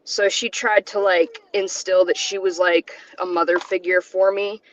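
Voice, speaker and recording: A woman from South Carolina tells her story over a call from inside her car. She speaks haltingly, shaky and close to tears, with nervous laughs breaking in. Her voice comes through dull and lo-fi. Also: lowish voice, little pitch movement, a little hiss or hum. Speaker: guest. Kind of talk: emotional personal testimony.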